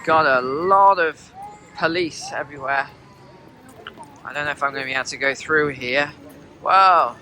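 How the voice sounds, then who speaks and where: Male vlogger, chatty walk-and-talk, bright voice, outdoors in the snow. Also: a little high, moderate pace, long pauses, slight background noise. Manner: chatty, talks to viewers while walking. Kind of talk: walking travel vlog commentary. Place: outdoors on city streets in snow.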